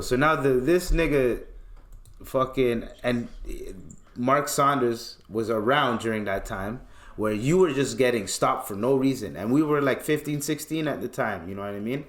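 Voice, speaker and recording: A young Canadian man hosting a podcast tells a loose, profane story in a mid-range voice at a moderate pace, acting out the voices of its characters. The recording carries a roomy echo.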